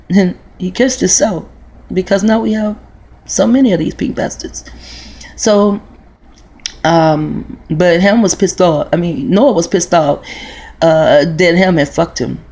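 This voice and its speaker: A woman's voice: fairly low pitch, a little slow, a little mellow, slightly rough. A woman in her forties telling a long, rambling, profane story in a casual vlog monologue, full of restarts. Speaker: vlogger.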